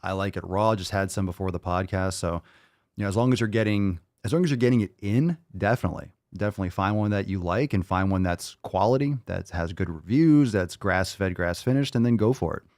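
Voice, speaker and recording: Male podcast host, blunt and joking, lower voice, dry close sound. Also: fairly quick, darkish tone, no room sound. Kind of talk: live Q&A chat.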